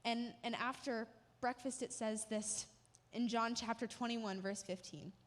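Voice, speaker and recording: A woman's voice: fairly high pitch, fairly even intonation, unhurried. A woman giving a sermon, retelling a story vividly with emotional emphasis. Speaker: church speaker. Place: church. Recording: long hall reverb.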